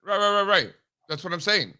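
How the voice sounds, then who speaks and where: A man with a bright, forceful voice hosts a morning markets show. He ribs his co-hosts in fast back-and-forth chat. His voice sits a bit above the usual pitch for a man. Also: lively intonation, clear, resonant tone. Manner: ribbing, quick back-and-forth. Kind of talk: casual chat.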